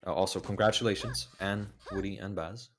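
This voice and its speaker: A man's voice: on the low side, brisk. A man commentating a game tournament casually, reading out times and explaining the moves over a noisy voice chat recording.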